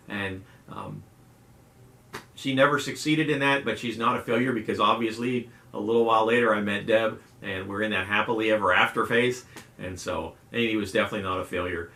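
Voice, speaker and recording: A middle-aged man with a bright, forceful voice pitched a little low tells folksy stories in a casual devotional talk, slipping into animated voices for the people he quotes. The sound carries a roomy echo. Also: fairly quick. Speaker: youth pastor and video host.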